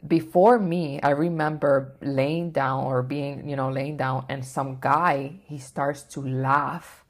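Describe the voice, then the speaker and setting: A woman's voice: rumbling low, fairly even intonation, takes it slowly. A woman vlogger recounting a personal experience in a rambling way, full of fillers and restarts. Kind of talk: personal storytelling.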